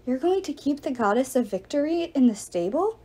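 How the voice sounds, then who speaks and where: A determined teenage girl speaks firmly and earnestly in a fairly high voice, as a woman reading a book puts her on. Her pitch moves with feeling. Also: big pitch swings, fairly quick, mellow, slightly rough, full character voice. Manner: firm, earnest.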